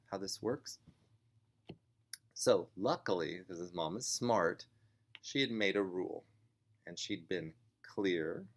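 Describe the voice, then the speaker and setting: Slow, gentle low-voiced man teaching. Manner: slow, gentle, acts out parent and child voices. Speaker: family sign language teacher. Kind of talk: explaining parenting strategies.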